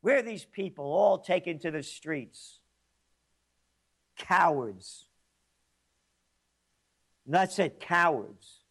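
Ranting New commentator, high lively voice, slow, mocking delivery. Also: male voice, vocal fry. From New York. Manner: combative, sarcastic, mocking. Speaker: commentator and host. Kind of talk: ranting political monologue.

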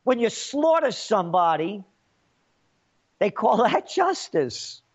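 A scornful man delivers a mocking political rant in a high-pitched voice. His tone swings widely as he jeers. The recording sounds muffled and lo-fi. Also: sing-song, takes it slowly, breathy edge. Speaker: political commentator. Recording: dull lo-fi recording.

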